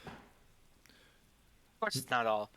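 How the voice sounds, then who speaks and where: A man's voice: medium pitch, very animated, extremely slow, sharp tone, smooth, no echo. A man playing a tabletop game, chatting casually with the table. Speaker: player.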